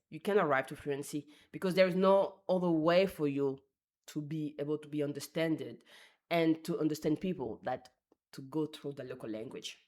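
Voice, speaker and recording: Woman musing on language learning. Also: low-pitched. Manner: thoughtful, searching for words, self-correcting. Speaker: language vlogger. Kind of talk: casual reflective monologue.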